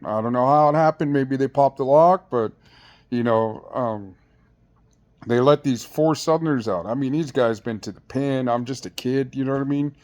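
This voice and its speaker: A man's voice: mid-range voice, moderate pace, a little mellow. A man who was once in jail tells a story casually, in slangy, rambling speech with blunt asides and frequent restarts. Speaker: former inmate telling a jail story.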